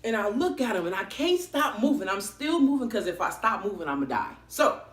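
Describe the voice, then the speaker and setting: A woman vlogger telling a story in a casual, animated way, expressive and swearing freely. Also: mid-range voice, fairly quick. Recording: roomy echoey room.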